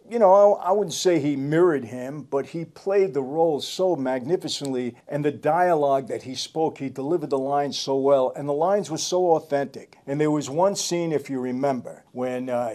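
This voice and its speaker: A man's voice: medium pitch, warm tone. An older man hosting his own show, telling stories in a casual way and repeating phrases for emphasis. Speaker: host. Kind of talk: casual storytelling commentary.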